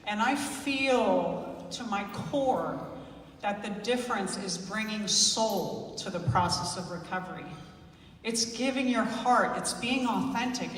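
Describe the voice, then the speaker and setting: A woman therapist giving a heartfelt, emotional conference talk, laughing and weeping openly as she speaks. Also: medium pitch. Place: large conference hall. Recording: echoey hall, voice from far off.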